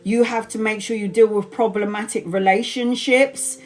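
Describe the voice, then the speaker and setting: A woman's voice: medium pitch, fairly even intonation, normal speed. A woman in her forties telling a story casually on a live stream, laughing often and swearing freely, then giving a tarot reading. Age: 40s. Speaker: tarot reader.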